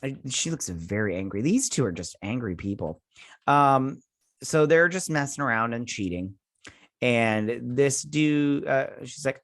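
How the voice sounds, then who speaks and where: A man hosting a casual episode recap, rambling with lots of fillers and quick paraphrased lines from characters, close on a desk mic. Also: mid-range voice, expressive, dry recording. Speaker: show host.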